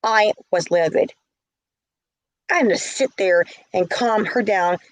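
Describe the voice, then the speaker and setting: A woman's voice: medium pitch, slow pace, long pauses, no room sound, rough recording. A middle-aged woman telling a story in a casual vlog, heated and indignant. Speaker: vlogger.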